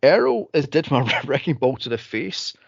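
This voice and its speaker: A man co-hosting a podcast, recapping a movie in casual chat with an exasperated, animated manner. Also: mid-range voice, normal speed, creaky, breathy edge, no echo. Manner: exasperated, animated retelling with frequent exclamations. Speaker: podcast co-host. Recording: dull, lo-fi dry recording.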